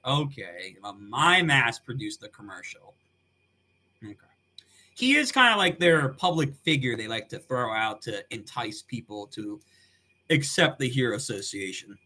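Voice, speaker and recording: A man's voice: medium pitch, big pitch swings, a little slow, pushed and bright. A man reacting live on stream, talking in a casual, slangy way with frequent swearing and laughter.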